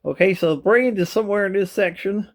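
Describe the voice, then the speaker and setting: A man vlogs from a kitchen chair at home, filming himself on a phone. His voice sits a little high for a man and has a gravelly texture. He rambles from joke to joke and keeps addressing his viewers directly. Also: brisk. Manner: jokey, rambling, talks straight to viewers. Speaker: vlogger. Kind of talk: casual rambling vlog to camera.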